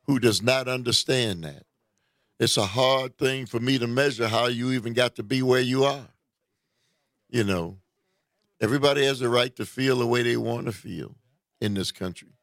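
A man giving an indignant political opinion monologue, deliberate and repeating himself as he restarts. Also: medium pitch, a bit bright, dry recording, studio quality. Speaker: political commentator. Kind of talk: reading a news report aloud.

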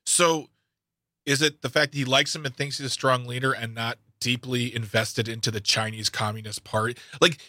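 A man co-hosting a radio talk show, animated and sarcastic, often stumbling and restarting his sentences. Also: medium pitch, normal speed, dry recording, studio quality. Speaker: radio co-host.

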